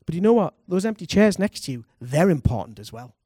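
A man, a pastor, preaching a lively sermon and calling on the congregation to respond. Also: a little high, brisk, dry recording, clean studio sound. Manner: animated preaching, calls for congregation responses, laughs.

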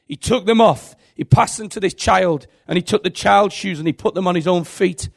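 A man's voice: sits high, normal speed, creaky. A man preaching a sermon, telling an earnest and emotional testimony.

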